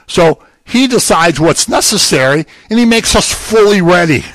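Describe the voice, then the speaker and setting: A man's voice: sits high, lively intonation, moderate pace, few pauses, fairly bright tone, dry recording. Older male preacher, conversational, jokes between points, dry close sound. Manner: conversational, joking asides. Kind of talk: sermon.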